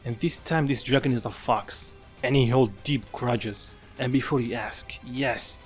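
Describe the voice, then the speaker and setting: A man's voice: mid-range voice, unhurried. Casual man narrating over music. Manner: casual, offhand asides. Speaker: fan fiction narrator. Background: background music.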